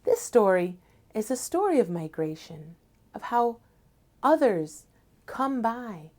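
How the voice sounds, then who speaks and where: Woman storyteller, fairly high voice, expressive dramatic folktale telling with soft hushed moments. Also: takes it slowly.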